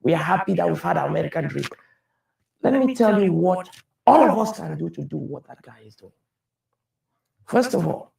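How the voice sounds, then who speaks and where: A man's voice: a little high, lively intonation, moderate pace, gravelly, long pauses, a little mellow. A man giving an emphatic public talk, repeating phrases as he builds his point. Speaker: speaker on wealth and taxes. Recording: echoey room from a distance.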